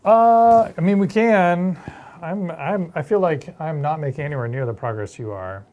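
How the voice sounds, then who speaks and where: A man co-hosting a hobby show, talking casually and haltingly about his painting progress. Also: on the high side, darkish tone, highs cut off. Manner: hesitant, lots of ums while describing work. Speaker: co-host painting miniatures.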